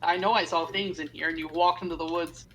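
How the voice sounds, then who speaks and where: A woman's voice: fairly low pitch, fairly even intonation, a little fast, a bit bright, a little hiss or hum, low-quality recording. Bossy woman playing a tabletop game. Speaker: player. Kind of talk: casual tabletop game talk.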